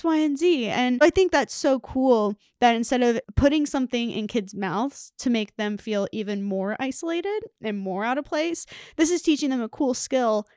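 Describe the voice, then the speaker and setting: A woman's voice: on the high side, clear, resonant tone, no echo, studio quality. A young adult woman hosting a podcast in casual chat, talking enthusiastically and filling her speech with "like.". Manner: enthusiastic, heavy use of "like". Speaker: podcast host.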